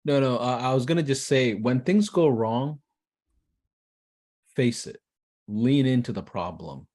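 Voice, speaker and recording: Animated man telling a story. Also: mid-range voice, measured pace. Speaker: agency owner guest. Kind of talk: casual storytelling.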